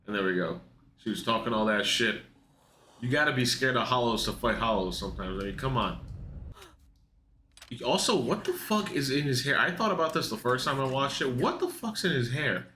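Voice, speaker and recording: A young man in casual, profane reaction commentary, excitable and laughing, mocking the characters in put-on voices. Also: medium pitch, normal speed, a little hiss or hum. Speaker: anime reaction youtuber. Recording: echoey room.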